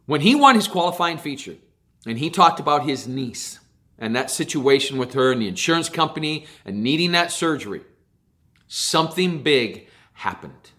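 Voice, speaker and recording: A man's voice: a little high, sing-song, brisk, fairly bright tone. A man delivering a long emphatic rant to viewers about dirt track racing, repeating phrases for stress. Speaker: racing vlogger. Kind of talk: ranting monologue to viewers.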